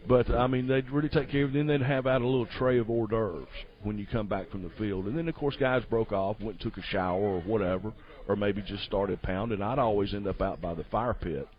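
A man's voice: on the low side, brisk, few pauses. A man, telling a hunting trip story as a guest in an easygoing, rambling way. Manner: easygoing, rambling, laughs often. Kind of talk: casual storytelling. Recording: dull lo-fi audio.

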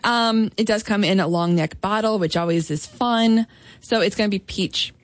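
A woman's voice: medium pitch, normal speed. A woman co-hosting a morning radio show, talking casually and teasing her partner with a playful manner. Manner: playful, teasing, frequent ums. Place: radio studio.

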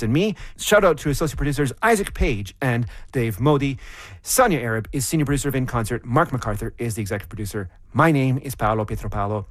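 A man hosting a radio concert show, reading a relaxed, friendly scripted sign-off. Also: mid-range voice, no room sound, studio quality.

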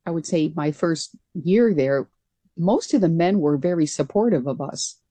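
A woman's voice: low-pitched, animated, moderate pace, warm tone, no room sound. A woman guest being interviewed about her years as a pilot, speaking earnestly and conversationally with frequent restarts. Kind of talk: conversational storytelling.

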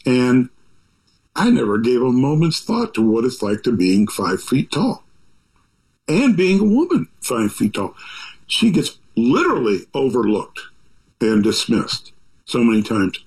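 A man's voice: mid-range voice, sing-song, unhurried, darkish tone, low-quality recording. An older man, an author, talking in a rambling, folksy, reflective way full of asides and restarts. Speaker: author talking about his book. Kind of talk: reflective conversational monologue.

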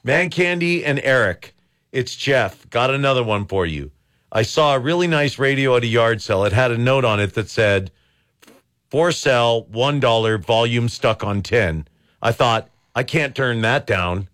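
A man's voice: mid-range voice, animated, moderate pace, fairly bright tone. A man hosting a call-in radio show, reading jokes and beer trivia with laughing asides. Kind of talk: casual radio call-in chat.

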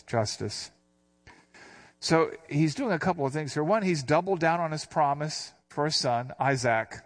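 Older male preacher, conversational teaching tone, measured scripture reading. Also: mid-range voice. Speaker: pastor. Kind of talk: sermon.

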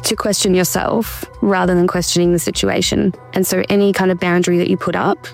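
A woman speaking as an interview guest, with a gravelly, creaky edge to her voice. She talks in an earnest, searching way and often restarts her sentences. Soft music sits faintly underneath. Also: lowish voice, little pitch movement, a little fast. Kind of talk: personal account in an interview.

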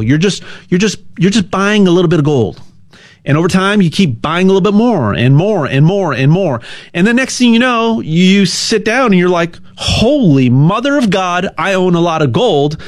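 A man giving a casual, rambling sales pitch, stumbling over repeated words and cracking jokes. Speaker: gold sales ad host.

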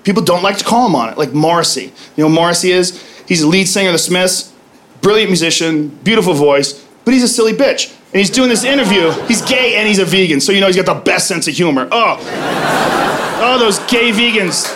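A man doing a profane stand-up comedy routine on a club stage, brash with loud punchlines. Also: sits high, expressive, fairly quick, a little hiss or hum. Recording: live club recording, audience laughter. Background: crowd laughing.

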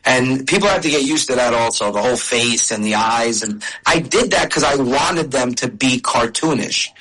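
Bright-voiced man telling stories. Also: mid-range voice, normal speed, low-quality recording. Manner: storytelling, chatty with restarts and laughs. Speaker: comedian and video creator. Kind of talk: casual interview talk.

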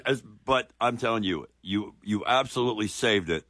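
Male radio host, low voice, teasing banter, dry studio. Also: moderate pace, fairly bright tone, no room sound. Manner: mocking, laughing, acts out voices. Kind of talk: casual chat.

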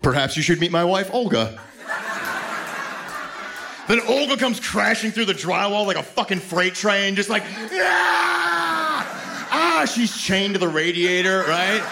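A man doing a stand-up comedy routine, acting out scenes with animated delivery. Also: high voice, moderate pace, gravelly, noisy background.

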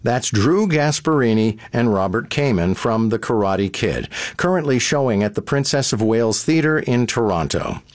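A man hosting an interview show, giving brisk introductions and questions. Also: fairly low pitch. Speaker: radio show host.

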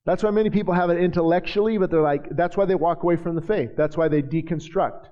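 A man preaching a sermon in a church, joking with the congregation and building to shouted passages. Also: sits high, fairly quick, hardly any pauses. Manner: jokey asides to the congregation. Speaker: pastor. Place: church sanctuary. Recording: hall reverb, dull lo-fi sound.

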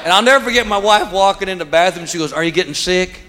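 A man doing a stand-up comedy routine, telling stories and landing punchlines in an animated way. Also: high voice, fast, background noise. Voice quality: animated storyteller, punchline delivery. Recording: live club, loud audience. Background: crowd laughter.

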